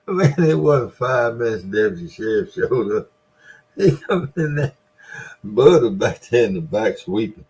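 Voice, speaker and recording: A man's voice: medium pitch, big pitch swings, slow, long pauses, a little mellow, poor audio. A man telling a folksy story in casual talk, laughing often as he spins his yarn. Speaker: storyteller, former store owner.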